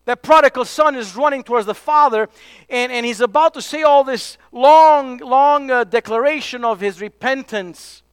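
A man preaching a sermon, emphatic, dropping to hushed tones for key points. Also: very high-pitched, normal speed, clean tone, no room sound.

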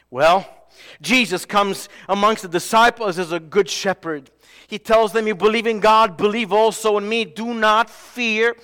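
A man preaching a sermon as pastor, swinging from raised, emphatic lines to hushed, slow ones. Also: high-pitched, clean tone, long reverb tail.

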